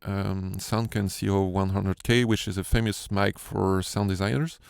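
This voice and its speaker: A man's voice: sits low, steady tone, moderate pace, gravelly, clean tone, dry recording. A man with a French accent, a sound designer giving a hesitant, filler-heavy tutorial walkthrough from his home studio. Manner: hesitant, many fillers and restarts.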